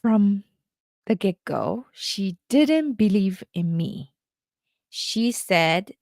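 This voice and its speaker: Slow-talking woman life coach. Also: medium pitch, lively intonation, darkish tone, dry recording, studio quality. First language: Japanese. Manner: halting, many restarts and fillers. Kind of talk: casual storytelling monologue.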